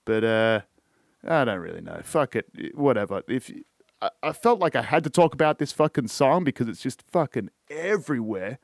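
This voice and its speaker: A man's voice: medium pitch, sing-song, moderate pace, dry recording, studio quality. An Australian man hosting a podcast, talking casually and rambling, swearing constantly and trailing off with shrugging asides. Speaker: podcast host. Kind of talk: casual solo podcast monologue.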